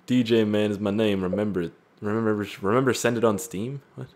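Loud, joking young man. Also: on the low side, steady tone, brisk. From Canada. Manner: loud, profane, joking reactions. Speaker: YouTuber reading fan voice messages. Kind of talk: casual gaming vlog commentary.

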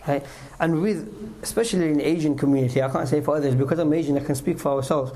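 A man's voice: on the high side, fast, warm tone, rough recording. A man giving a mosque talk, retelling stories and repeating points for emphasis. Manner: storytelling, acts out quotes, emphatic repetition. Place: mosque hall.

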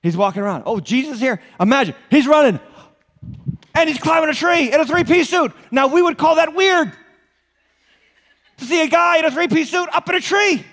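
With a very high voice and moderate pacing, a New England-accented pastor gives an animated sermon, joking with his congregation and challenging them with rhetorical questions. Long hall reverb fills the church auditorium recording.

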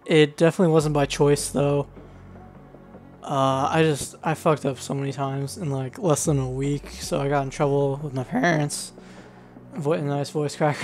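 A young man in his late teens talks casually over his gameplay in a fairly high voice. He rambles, stumbles through fillers and laughs between thoughts. Faint music plays under him. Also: darkish tone. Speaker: gaming channel host. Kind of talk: casual gaming commentary.

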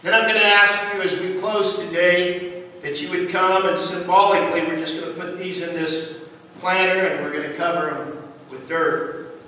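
Male pastor, earnest storytelling sermon, high voice, distant mic in a reverberant hall. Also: fairly even intonation, moderate pace, bright, forceful tone, slight background noise. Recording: echoey church hall from far off.

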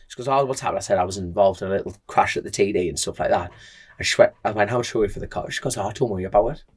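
A man's voice: fairly low pitch, very fast, husky. A man co-hosting a motorbike podcast, telling rambling stories full of fillers in a casual chat. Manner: rambling, lots of fillers, animated storytelling. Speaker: podcast co-host and motorbike racer.

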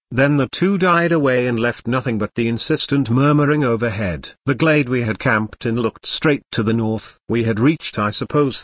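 Male computer voice narrating a novel; husky tone, dry and close, pitch swings a lot. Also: dry recording. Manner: synthetic, even cadence with odd stresses. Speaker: audiobook narrator. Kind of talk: text-to-speech reading of a novel.

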